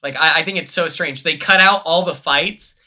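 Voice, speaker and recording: A man hosting a casual livestream chat, telling stories quickly and excitably with lots of fillers. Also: fairly high pitch. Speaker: streamer host.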